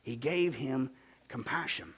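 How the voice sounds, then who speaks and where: A man from Kansas preaching a sermon, animated, swinging between loud bursts and hushed asides and acting out the people he quotes. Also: mid-range voice, takes it slowly, husky. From Kansas, USA. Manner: acts out quoted voices.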